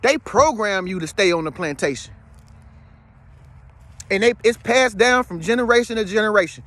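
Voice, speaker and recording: A man's voice: high-pitched, lively intonation, normal speed, fairly bright tone, no room sound. A man speaking to viewers in a casual, rambling monologue. He is emphatic and slangy, and keeps checking in with his listener. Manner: slangy, streetwise. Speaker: spiritual vlogger.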